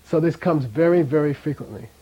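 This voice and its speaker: A man leads a classroom lesson, drilling pronunciation and explaining rules in a patient, repetitive way. His voice sits a little high for a man, and he lets out light chuckles as he teaches. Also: a little fast, husky, dull audio. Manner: patient, repeats sounds for students to echo. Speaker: language teacher.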